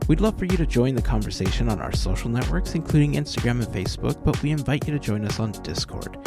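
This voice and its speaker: A man's voice: medium pitch, expressive, fast, vocal fry, over music. Casual male podcast host. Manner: rambling, self-correcting storyteller.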